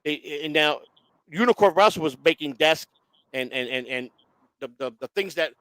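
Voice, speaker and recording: A man's voice: fairly high pitch, moderate pace, pushed and bright, no echo. A man hosting a casual chat, telling a long story bluntly, with lots of swearing and restarts. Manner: blunt, profane, rambling with many restarts. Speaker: host.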